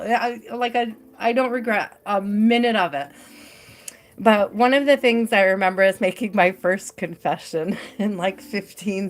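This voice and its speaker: A young adult woman hosting a live tarot stream, telling a personal story in a chatty way, laughing often and filling her talk with "like". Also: mid-range voice.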